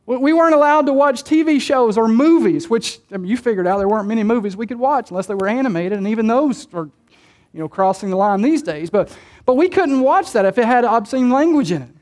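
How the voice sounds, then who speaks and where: A woman's voice: on the high side, lively intonation, quick pace, darkish tone. A woman preaching a sermon in a joking way, laughing often and repeating words as she starts her phrases.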